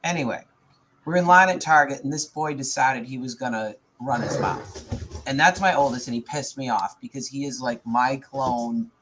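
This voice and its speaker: A woman's voice: rumbling low, normal speed, background noise. A woman, a mother, bluntly telling a heated story in casual chat at home, with some swearing.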